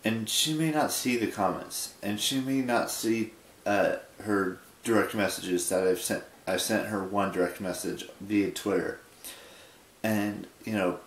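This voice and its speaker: Sleepy rambling young man, echoey room. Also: on the low side. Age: 20s. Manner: rambling, halting, with many restarts. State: sleepy, yawning. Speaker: vlogger. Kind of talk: casual late-night vlog monologue.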